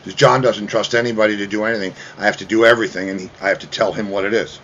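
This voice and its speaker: A man telling a long story in casual chat, animated, mimicking other people with loud raised voices. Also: fairly low pitch, racing, dull audio. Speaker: guest musician.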